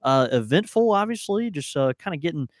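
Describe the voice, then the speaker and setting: A man's voice: fairly high pitch, big pitch swings, a little fast, no echo. A man co-hosting a live podcast, rambling and laid-back with many fillers, on a studio mic. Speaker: podcast co-host and shop owner. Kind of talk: casual live podcast banter.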